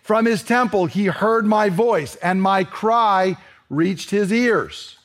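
This expository sermon comes from a man in the pulpit whose voice sits fairly high. His preaching is emphatic and sincere, and his pace eases when he turns to scripture readings.

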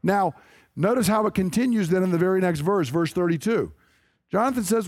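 A man preaching a sermon, emphatic and conversational, acting out quick asides. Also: high voice, expressive, a little mellow, no echo, clean studio sound.

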